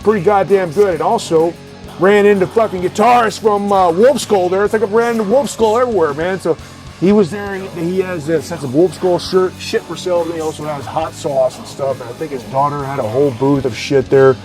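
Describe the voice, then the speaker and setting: A man's voice: high-pitched, fairly quick, a little mellow, faint music behind. A man hosting a podcast, telling a rambling, profane story in blunt casual talk. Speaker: podcast host.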